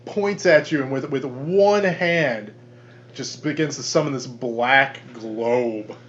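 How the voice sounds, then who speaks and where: A man narrating as game master for a tabletop game, describing monsters in a halting way with frequent restarts. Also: medium pitch, slight background noise. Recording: dull lo-fi podcast audio.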